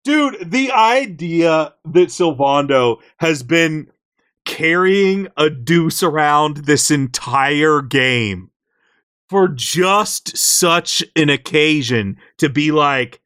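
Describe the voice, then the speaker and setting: A young man on a podcast, telling a game story in an animated way and jumping into character voices, in a dry close recording. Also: a little high, drawn-out words, clean tone, dry recording. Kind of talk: casual game recap chat.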